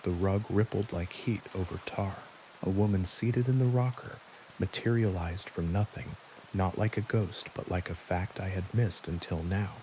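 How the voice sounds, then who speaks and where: A man calmly narrating a first-person horror story in a measured, quiet way. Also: sits low, slight background noise, rough recording. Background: steady rain.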